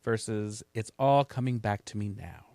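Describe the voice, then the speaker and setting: A man co-hosting a podcast in a studio, introducing a quiz game in a brisk, upbeat way. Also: on the low side, a little mellow, no echo. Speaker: podcast host.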